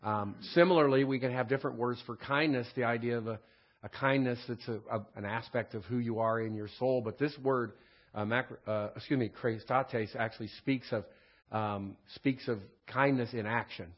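A man teaches a Bible lesson in a relaxed, conversational way, often checking in with a quick "right?" and stopping to clear his throat. His voice sits at an ordinary pitch. The recording sounds a little dull and lo-fi. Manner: frequent throat clearing and restarts.

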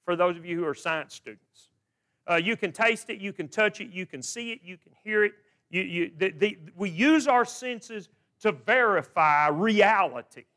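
A man's voice: high voice, expressive, normal speed, sharp tone. A middle-aged man preaching a sermon, asking questions of his listeners and often repeating words as he restarts.

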